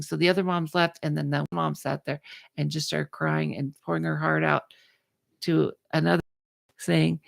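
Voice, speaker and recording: A woman's voice: low voice, normal speed, gravelly, no room sound, clean studio sound. A woman hosting a podcast, telling a story in casual chat and acting out the people in it. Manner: animated, acts out the people in her story. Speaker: podcast host.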